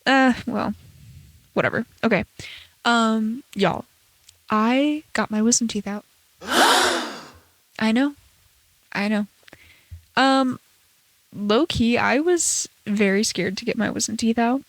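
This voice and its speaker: A woman's voice: fairly high pitch, takes it slowly, pauses often, no room sound. A young American woman in her early twenties, hosting her own podcast, chatting in a rambling way with lots of fillers and playful acted-out quotes. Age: around 20. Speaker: podcast host, college student. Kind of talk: casual solo podcast chat. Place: bedroom at home.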